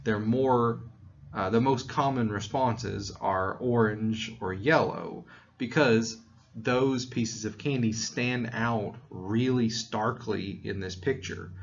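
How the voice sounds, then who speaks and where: A man's voice: on the low side, slow, gravelly, highs cut off. A man from Tennessee with a mild Southern accent, giving a conversational psychology lecture with fillers and restarts. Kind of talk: recorded lecture.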